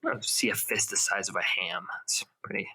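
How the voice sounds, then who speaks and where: A man co-hosting a podcast, casually recapping a book and tossing in quick character voices as he retells scenes. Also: sits low, steady tone, vocal fry, bright, forceful tone, breathy edge, whispered, poor audio. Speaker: podcast co-host.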